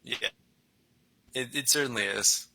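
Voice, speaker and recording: A man's voice: mid-range voice, measured pace, creaky, bright, forceful tone, dry recording, rough recording. A young man chatting casually and rambling, often laughing as he talks. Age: young adult. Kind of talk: casual conversation.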